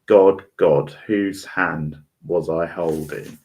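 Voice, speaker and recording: Frightened young woman in a haunted house, read by a man; deep, slow, urgent delivery. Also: steady tone, slight background noise. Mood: frightened, desperate. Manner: desperate, emphatic pleading.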